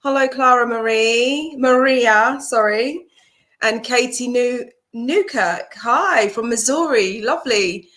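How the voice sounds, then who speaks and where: Female psychic host, bright tone, chatty and flowing, live stream reading. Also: fairly high pitch. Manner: warm greetings to viewers, flowing spiritual explanation. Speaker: psychic card reader. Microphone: video call setup.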